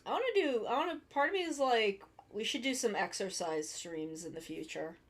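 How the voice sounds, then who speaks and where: A woman's voice: medium pitch, animated, fairly quick. A tired woman chatting casually to her live-stream audience as she draws, rambling and yawning. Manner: drowsy, rambling, talks to chat. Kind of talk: casual live-stream chat while drawing.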